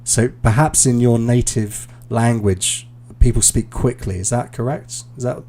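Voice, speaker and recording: A British IELTS teacher gives relaxed, explanatory feedback during a live online class, his speech full of ums and uhs. His voice is medium in pitch and his pace unhurried.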